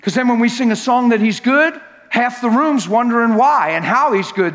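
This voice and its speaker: Male preacher, high voice, emphatic and repetitive delivery with shouted peaks; long church-hall reverb. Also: normal speed, few pauses. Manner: emphatic, repeats words for effect, rises to shouting at climaxes; jokes with the crowd. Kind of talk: sermon.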